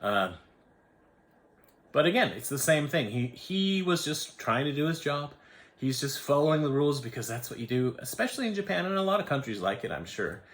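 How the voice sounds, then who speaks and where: An American man in his forties talks through a personal story in a loose, rambling way, stopping himself mid-thought and restarting. His pitch swings widely as he slips in and out of quoted voices. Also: big pitch swings, brisk, fairly bright tone. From United States. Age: 40s. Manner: rambling, self-interrupting, acts out quoted voices. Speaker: vlogger. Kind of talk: casual storytelling monologue.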